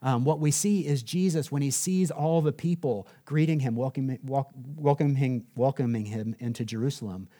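A man's voice: medium pitch, normal speed, few pauses, warm tone. A man preaching a sermon in a conversational way, often checking in with listeners and adding humor. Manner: conversational, asks the audience "right?", jokes. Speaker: pastor.

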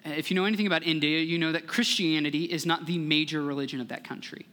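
A young man preaches in a bright, forceful voice, earnest and measured, and acts out the voices in his story. His voice rings with a long reverb from a large church hall. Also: on the high side, steady tone. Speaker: guest speaker, church relations director. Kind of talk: sermon with storytelling.

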